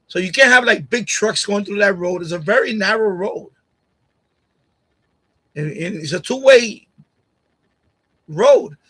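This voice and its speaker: A man's voice: sits high, animated, measured pace, pauses often, pushed and bright, husky. A middle-aged man hosting a live stream, talking casually and turning heated and repetitive as he confronts someone in the chat. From Puerto Rican family, grew up partly in Puerto Rico. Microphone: USB condenser mic on boom arm.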